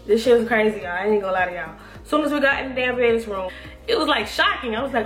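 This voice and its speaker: A young woman telling a profane, animated story to her viewers, quoting herself and her friends as she goes. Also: a little high, quick pace. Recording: echoey room with faint music.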